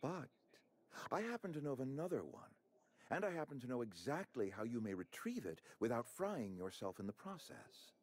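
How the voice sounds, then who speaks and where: A man's voice: mid-range voice, sing-song, normal speed, darkish tone. A man voicing a pompous middle-aged outpost administrator in a video game, who talks in a formal, fussy and ingratiating way. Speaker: game character.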